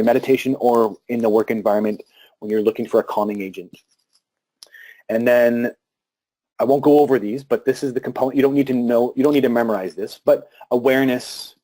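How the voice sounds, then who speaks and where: Speaking about meditation and breath at a live event, a man keeps a calm, mid-range tone. His delivery includes pauses and the occasional restart.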